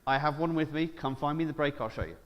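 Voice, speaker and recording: A man's voice: on the high side, fast, muffled recording, slight background noise. A man from Jersey giving a conference keynote, playful and joking, putting questions to the audience. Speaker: keynote speaker. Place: large conference hall. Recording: hall reverb from stage mic.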